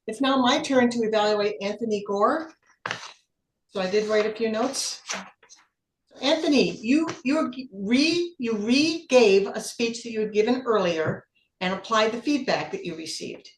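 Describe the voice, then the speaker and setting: A woman's voice: fairly high pitch, reverberant, a little hiss or hum. A woman acting as general evaluator at a speaking club meeting, giving encouraging feedback on a speech. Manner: encouraging, apologetic when corrected.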